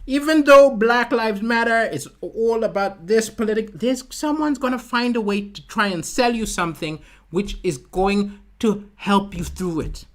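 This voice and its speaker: Stand-up comedian from Malawi, male, who tells lively stories into a streaming mic and mixes in sound effects. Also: high-pitched, a little slow. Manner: animated storytelling with vocal sound effects. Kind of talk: stand-up comedy livestream talking to chat.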